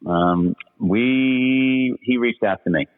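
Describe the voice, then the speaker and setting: A man's voice: medium pitch, takes it slowly. A man answering interview questions with brief, offhand replies. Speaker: interview guest, company CEO. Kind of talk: casual podcast interview. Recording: tinny phone line with long reverb.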